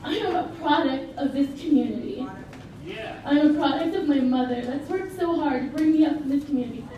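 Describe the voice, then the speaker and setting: A young woman in her twenties, a teacher, gives an emotional and impassioned public comment at a council meeting in a large hall full of people. Her voice is high and brisk. The lo-fi recording sounds distant and echoey, with crowd noise.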